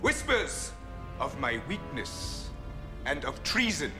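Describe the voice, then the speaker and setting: An actor playing a grandiose evil overlord who speaks theatrically to his followers on a low-budget kids' TV show. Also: sing-song, takes it slowly. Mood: menacing. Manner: pompous, theatrical villain speeches. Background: show music.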